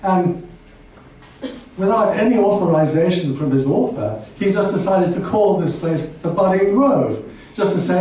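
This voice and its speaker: A high-pitched, warm voice with lively intonation and a moderate pace comes from an older guest lecturer. He gives a chatty, digressive public talk full of fillers and asides to an audience in a lecture room, recorded distantly amid heavy echo and faint background noise.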